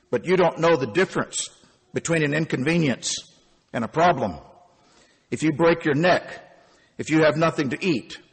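A man voicing a weary elderly night auditor, speaking slowly and sternly. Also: husky, long reverb tail, full character voice. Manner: slow, low, stern and tired. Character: sorrowful elderly German Jewish night auditor, weary and blunt.

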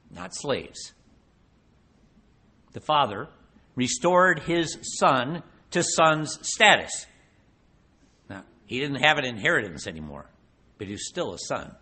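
A man delivering a sermon in a husky, bright-edged voice. His pitch swings widely as he asks rhetorical questions, and he slows down to press each point home. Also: big pitch swings. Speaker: preacher.

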